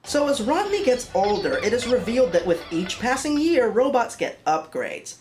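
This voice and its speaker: Woman, film review narration, sarcastic, exasperated, lively pitch. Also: moderate pace, slight background noise.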